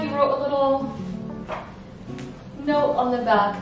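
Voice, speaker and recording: A young woman vlogging casually from home, bubbly and excitable, sometimes softly emotional. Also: high voice, slow pace, long pauses, reverberant, music in the background. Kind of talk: casual vlog chat. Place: at home, bedroom and kitchen.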